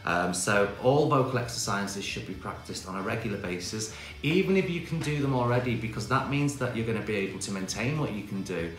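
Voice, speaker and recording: A man teaching singing, explaining exercises in a relaxed, chatty way full of fillers, speaking into a microphone in front of him. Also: lowish voice, brisk. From England. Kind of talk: online singing lesson. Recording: echoey room with faint piano.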